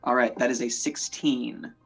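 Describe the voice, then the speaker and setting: A man's voice: mid-range voice, steady tone, normal speed, vocal fry, music in the background. A man running a tabletop game as game master, narrating in a playful, chatty way with lots of fillers.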